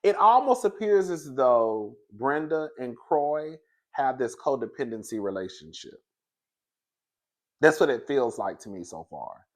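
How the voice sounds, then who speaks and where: A man gives a casual review of a reality TV episode in an animated, gossipy way. He laughs often and keeps calling the listener girl. His delivery stays loose and conversational. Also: mid-range voice, measured pace. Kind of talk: casual commentary.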